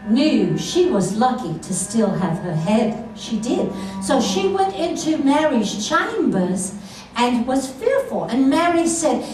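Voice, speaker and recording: A high-pitched woman tells comic stories on stage, swooping all over her range. She takes her time and now and then slips into song. Her voice is picked up from far off, in a very echoey room. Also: sing-song, measured pace, over music. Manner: theatrical, sings snatches of song, laughs often. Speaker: comedian. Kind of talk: stand-up storytelling in character.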